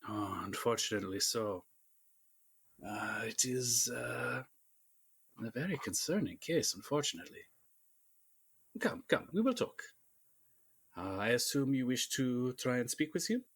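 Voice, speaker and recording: A game master doing a genial male French asylum doctor, with a deliberately hammy French accent, in a tabletop role-play. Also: medium pitch, expressive, gravelly, a bit bright, husky, full character voice. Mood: welcoming. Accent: put-on French. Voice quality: hammy mock-French delivery.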